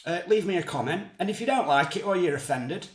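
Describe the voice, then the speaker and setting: Scathing high-voiced spoken word poet. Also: male voice, animated, quick pace, roomy sound. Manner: scathing, sardonic rhyming delivery. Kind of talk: dark comedic spoken word.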